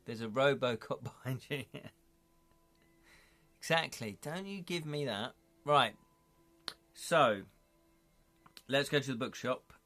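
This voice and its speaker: Jokey man, bright voice. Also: medium pitch, animated, slow, pauses often, soft background music. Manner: chatty, jokey, talks to chat, laughs often. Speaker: livestream host reading a gamebook. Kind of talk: casual live-stream chat and reading.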